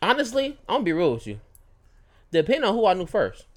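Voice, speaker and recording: A man co-hosting a casual podcast chat, joking and animated as he tells stories about his friends. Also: high voice, fast talker. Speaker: podcast co-host.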